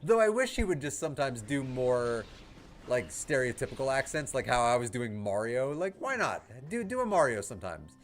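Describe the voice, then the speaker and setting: Chatty, lively-voiced male streamer. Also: mid-range voice, moderate pace. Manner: chatty, lots of fillers and laughs, answers chat. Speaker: game streamer. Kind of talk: casual livestream chat.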